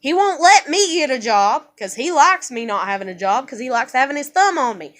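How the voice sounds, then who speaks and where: A woman's voice: sits high, animated, moderate pace, few pauses, fairly bright tone. A young woman venting in a personal vlog, profane and exasperated as she rants. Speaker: vlogger.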